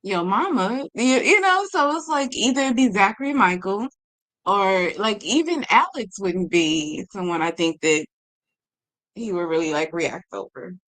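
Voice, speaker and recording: A woman's voice: mid-range voice, lively intonation, measured pace, fairly bright tone. A woman on a livestream panel, thinking aloud in a hesitant way with many fillers. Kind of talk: casual panel chat.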